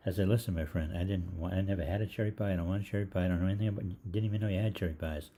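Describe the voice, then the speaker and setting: Deep, mellow-voiced man rambling through a story. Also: steady tone, husky. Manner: rambling, halting, full of fillers and restarts, acts out the other voices. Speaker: online health show host. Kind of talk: casual storytelling monologue.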